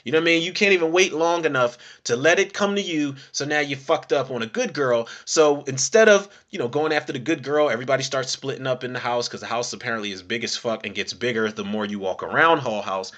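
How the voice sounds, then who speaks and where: A man hosting a horror film podcast, telling stories in a loose, profane, animated way and acting out characters' lines. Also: fast, hardly any pauses, highs cut off. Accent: Philadelphia. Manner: animated storytelling, acts out characters' lines with pitch jumps. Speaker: podcast host reviewing horror films. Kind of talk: casual profane monologue.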